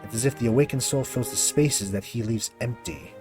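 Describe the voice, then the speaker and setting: A man's voice: mid-range voice, vocal fry, darkish tone, faint music behind, lightly acted. A man reading a clinical woman soul scholar. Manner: brisk, clinical, haughty.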